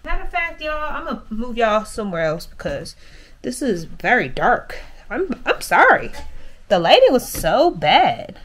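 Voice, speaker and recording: A woman's voice: a little high, sing-song, a little slow, faint music behind. A woman vlogging casually while grooming her dog, chatting to her viewers and her pet. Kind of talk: casual chat to camera. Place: inside a converted bus.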